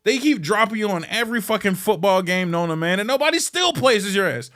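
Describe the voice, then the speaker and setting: A man from Chicago hosting a podcast, ranting in a blunt, profane, heckling way that swings between muttered asides and loud outbursts. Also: high-pitched, animated, fast. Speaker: podcast host. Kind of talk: ranting casual monologue.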